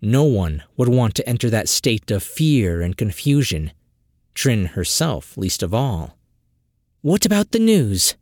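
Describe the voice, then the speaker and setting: Male audiobook narrator, animated delivery, dry close recording. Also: fairly low pitch, measured pace, no echo. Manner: expressive, dramatic storytelling.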